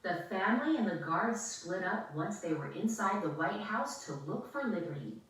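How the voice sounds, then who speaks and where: A woman reading her children's story aloud in an expressive, animated way. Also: mid-range voice, normal speed. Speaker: author reading her book. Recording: echoey room, mic far off.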